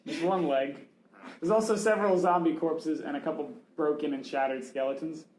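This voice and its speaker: A man narrating a tabletop game as game master, animated and laughing. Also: on the high side, moderate pace. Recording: echoey room with noise.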